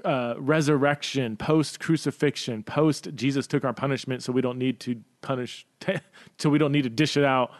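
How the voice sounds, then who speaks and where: A man's voice: mid-range voice, steady tone, moderate pace, no room sound. A man hosting a Q&A podcast, thinking aloud with lots of fillers and restarts and stumbling over words. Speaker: podcast host. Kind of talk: casual Q&A podcast talk.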